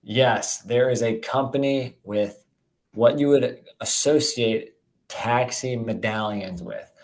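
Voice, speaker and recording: A man co-hosting a dividend investing show in casual chat, energetic and jokey, talking straight to viewers. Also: mid-range voice, slow pace, poor audio.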